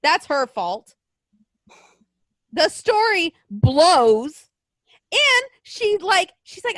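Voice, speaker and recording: A woman's voice: very high voice, big pitch swings, extremely slow, pauses often, fairly bright tone, no room sound, studio quality. A young woman co-hosting a wrestling podcast, ranting and swearing in exasperated casual chat. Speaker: podcast co-host.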